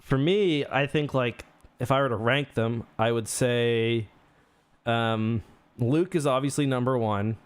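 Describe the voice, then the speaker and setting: A man's voice: medium pitch, unhurried, smooth. A man co-hosting a casual podcast, joking around, swearing casually and slipping into silly voices. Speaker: podcast co-host.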